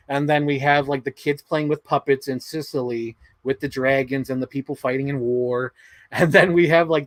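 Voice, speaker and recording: Excitable man rambling on a livestream. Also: mid-range voice, dry recording. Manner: excited, rambling, swears freely. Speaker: livestream host. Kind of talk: casual chat.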